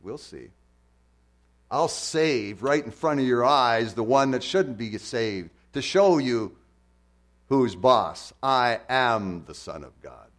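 A man voicing a dying man who defiantly proclaims his authority, speaking slowly and firmly. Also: mid-range voice, lively intonation.

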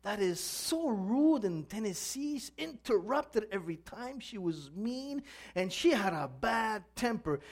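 A man playing a stern male highway police officer in a sermon story, questioning and matter-of-fact. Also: sing-song, unhurried, hardly any pauses, full character voice.

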